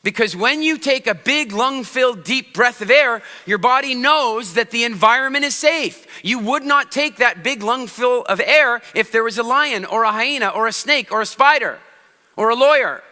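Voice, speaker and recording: A man with a very bright, ringing voice, pitched high for a man, leads a live seminar with playful energy. He keeps pulling the audience in to join him. The sound rolls around a large hall with a long, lingering reverb. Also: animated, moderate pace. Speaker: public speaking trainer.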